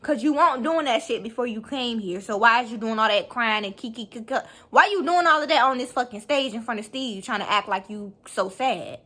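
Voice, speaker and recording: A woman's voice: fairly high pitch, brisk, hardly any pauses, sharp tone. A woman reacting to a talk show clip on her vlog, heated and profane, breaking into laughter. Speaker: YouTube reaction vlogger. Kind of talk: casual reaction commentary.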